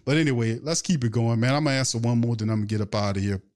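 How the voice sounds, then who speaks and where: A man hosting a casual sports fan podcast rants at a very fast clip in a medium-pitched voice. He rattles off rhetorical questions and halts to field questions viewers send through chat.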